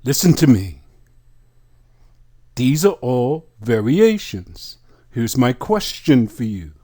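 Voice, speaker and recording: Reading scripture during a sermon, a man with a mellow, mid-range voice and big pitch swings asks his listeners pointed questions. His teaching style is slow and emphatic.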